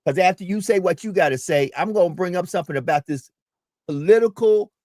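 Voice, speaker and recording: Man, talk radio host, preacherly and emphatic, a bit high, dry close sound. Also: brisk, a little mellow, no room sound. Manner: preacherly, emphatic, repeats key points. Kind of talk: community talk radio commentary.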